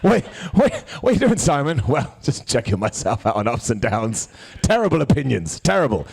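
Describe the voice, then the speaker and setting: A man's voice: mid-range voice, a little fast, gravelly, slight background noise. A man hosting a live wrestling review show, joking and bantering with people in the crowd. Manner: jokey, animated, bantering with hecklers.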